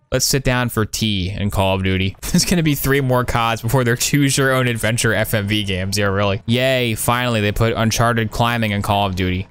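A man's voice: mid-range voice, a bit bright, clean tone. A man giving sarcastic gameplay commentary, with dry, mocking, jokey asides.

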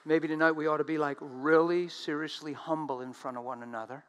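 A man preaching a sermon, telling stories emphatically and swinging between loud and hushed speech. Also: a little high, fairly even intonation, brisk, clear, resonant tone.

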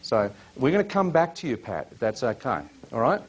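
A man's voice: medium pitch, very animated, brisk. A man presenting a live workshop, chatty and full of questions, coaching people from the audience.

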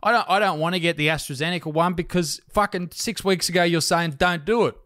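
An Australian man hosting a podcast, telling stories in casual chat, swearing and getting animated when riled up. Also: high-pitched, quick pace, no echo, studio quality. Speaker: podcast host.

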